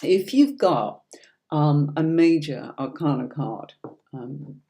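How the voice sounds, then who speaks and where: A woman's voice: deep voice, lively intonation, slow, mellow. A middle-aged woman from Yorkshire, England, teaching tarot in a live-streamed workshop, chatty and effusive, calling her viewers darling.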